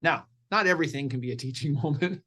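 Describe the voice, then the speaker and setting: Middle-aged guy on a podcast, lively storyteller, acts out quotes, kinda higher voice. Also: fast. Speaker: parenting coach guest. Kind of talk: podcast interview conversation.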